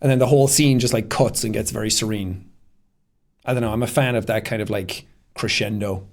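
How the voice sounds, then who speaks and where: A man's voice: on the low side, fairly even intonation, fairly quick. A man casually explaining how he made his short film, rambling with lots of fillers and frequent laughter. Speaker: creator commenting on his own short film. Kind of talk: casual behind-the-scenes commentary.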